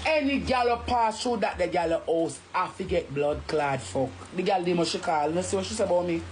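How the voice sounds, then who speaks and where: A woman's voice: fairly low pitch, brisk, darkish tone, a little hiss or hum. A woman with a Jamaican accent ranting angrily on a live stream, repeating herself and cursing often. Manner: angry, repetitive, cursing. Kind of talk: heated live-stream rant.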